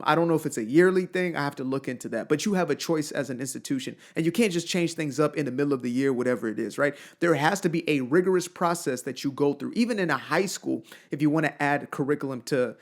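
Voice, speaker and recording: Animated man ranting to camera. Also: a little high, fast talker, few pauses. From outside the United States. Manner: animated, emphatic, rhetorical questions, colloquial. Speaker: commentator. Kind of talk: solo opinion rant to camera.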